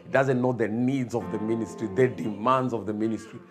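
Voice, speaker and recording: A man's voice: medium pitch, fairly even intonation, brisk, over music. A man preaching a sermon, emphatic and repetitive, building his points.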